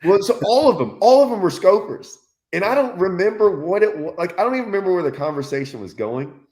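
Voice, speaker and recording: A man telling a lively story in casual chat, acting out quotes and laughing often. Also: high voice, fast. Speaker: fishing channel host.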